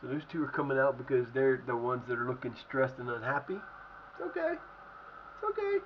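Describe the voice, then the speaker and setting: A man's voice: mid-range voice, little pitch movement, quick pace, dull audio, slight background noise. A man streaming a football management game and cursing out his own team in angry rants. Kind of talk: live-stream gameplay commentary.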